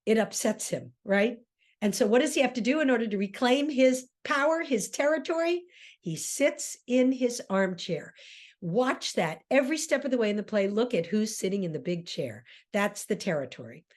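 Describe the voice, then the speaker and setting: A woman's voice: fairly high pitch, animated, moderate pace. A woman giving a classroom lecture as a theater director, emphatic and full of rhetorical questions.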